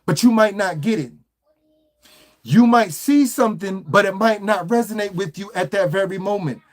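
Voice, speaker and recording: High-voiced man ranting on a livestream. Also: normal speed. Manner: animated, repetitive, stacks stuttered restarts; slangy, mocking. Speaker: livestream host. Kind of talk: livestream rant.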